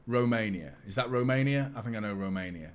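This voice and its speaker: On the low side with lively intonation, this young man talks briskly. He hosts a fan watchalong stream, bantering casually with chat, swearing liberally and making fun of himself.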